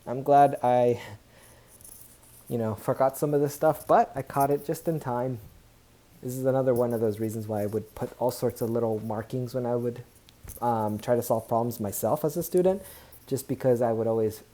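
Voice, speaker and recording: A man with a deep, mellow, very dark tone walks through a math lesson at a tablet. He talks casually, corrects himself as he goes and cheers little wins. The voice sits close to the mic at a middling pitch. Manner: chatty, self-correcting, upbeat exclamations. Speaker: math teacher.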